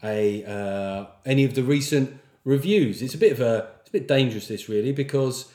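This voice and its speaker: A man's voice: mid-range voice, animated, moderate pace, darkish tone, echoey room. A man hosting a podcast, delivering a sweary, jokey comic monologue and reading out listener reviews. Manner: sweary, jokey, slips into mock accents. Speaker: podcast host.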